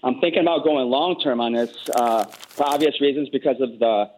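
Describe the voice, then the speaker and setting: An eager, excited man calling in to a finance show. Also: mid-range voice, brisk, a little hiss or hum, rough recording. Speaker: caller. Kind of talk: phone-in question.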